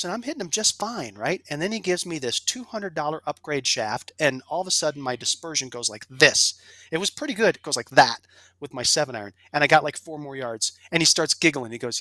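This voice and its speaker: A man's voice: a little high, lively intonation, brisk, bright, forceful tone, dry recording. A man as a guest on a casual podcast interview, talking with enthusiasm and strong emphasis. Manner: enthusiastic, emphatic, salesy asides. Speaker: guest, golf industry executive.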